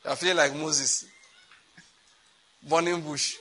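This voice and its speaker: A preacher delivers an animated sermon, acting out little exchanges as he goes. His voice sits a little high and rings bright and forceful. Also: unhurried. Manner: animated, laughing, acting out dialogue.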